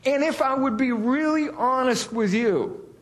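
A man with a very high voice takes his time preaching. His style is candid and homespun, full of jokes at his own expense, and he raises his volume to hammer home key words.

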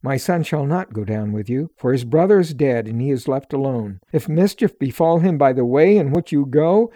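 A man's voice: mid-range voice, lively intonation, moderate pace, warm tone, no room sound, studio quality, natural voice. A man voicing a grieving old father who refuses to give up his youngest son, in a sorrowful, protesting tone.

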